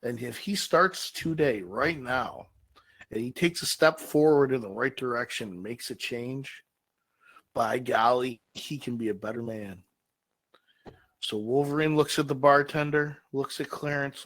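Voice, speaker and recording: A man in a casual comedy talk show, spinning a made-up story with plenty of swearing and lively energy. He talks at a middle pitch and in a relaxed way. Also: poor audio. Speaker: podcast co-host.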